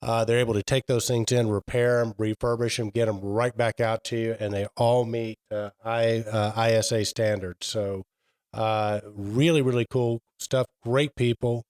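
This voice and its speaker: A man's voice: mid-range voice, fairly even intonation, moderate pace, darkish tone, rough recording. A man co-hosting a trade podcast in casual chat, telling stories in a rambling way with many fillers. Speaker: podcast co-host.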